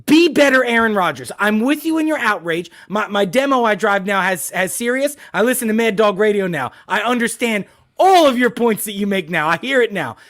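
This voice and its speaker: A man's voice: high voice, lively intonation, brisk, fairly bright tone. A man co-hosting a sports podcast, ranting in heated casual talk full of profanity and hard emphasis.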